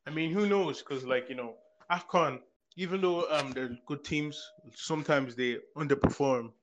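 A man's voice: fairly high pitch, moderate pace. Wry man on a dull, hissy mic. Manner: wry, repeats punchlines. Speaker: podcast co-host. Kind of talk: casual banter about football.

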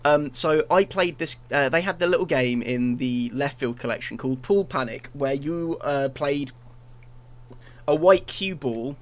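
A man co-hosting a casual gaming podcast, excitable, swearing and stumbling over his words. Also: on the high side, a little slow. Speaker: podcast co-host.

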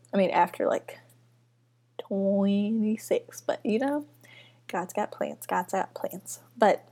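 A young woman with a medium-pitched voice hosts her first solo podcast from her student apartment, recording on a computer mic. She chats casually, rambling with nervous excitement and lots of fillers.

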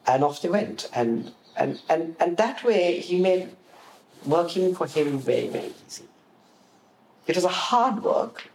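A man answering interview questions, telling lively stories about his past and acting out the voices of the people in them. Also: a little high, unhurried, gravelly. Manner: animated storyteller, acts out quoted voices. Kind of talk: reminiscing in an interview. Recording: roomy echo with faint room noise.

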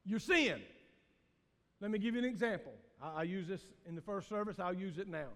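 A male pastor with a Southern US accent preaches to his congregation, his voice sitting unusually high. He swings between ringing shouts and hushed, low asides. The sound carries a long reverb from the church sanctuary. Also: a little fast. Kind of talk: sermon.

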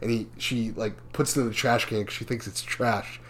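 A man chatting casually and animatedly as he retells a movie plot, slipping into quick character voices. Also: on the low side. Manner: animated storyteller who slips into character voices and laughs often.

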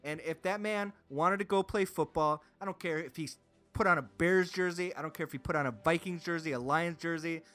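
A man from Green Bay talks sports on a podcast in a rambling rant that keeps restarting and climbs into heated outbursts. His voice sits a little high for a man. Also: a little fast, pushed and bright, soft background music. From Green Bay, Wisconsin. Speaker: podcast co-host. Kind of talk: casual sports talk rant.

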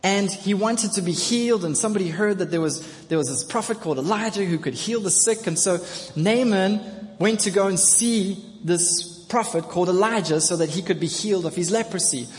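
A man preaching a sermon to his congregation, telling a story with repeated phrases and building to loud, emphatic calls. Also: high-pitched, normal speed. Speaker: pastor. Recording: long reverb of a large hall.

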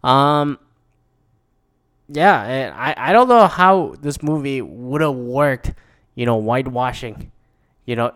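Male movie reviewer, casual rant, smooth clear voice, swears freely, riffs on his own reactions. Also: mid-range voice, slow pace, long pauses. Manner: profane, rambling, animated, mock-quoting his own reactions.

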